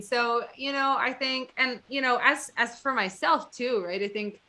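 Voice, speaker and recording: Bright, lively woman podcast host. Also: fairly high pitch, normal speed, few pauses. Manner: animated, acts out quoted reactions, swears casually. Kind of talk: casual podcast conversation.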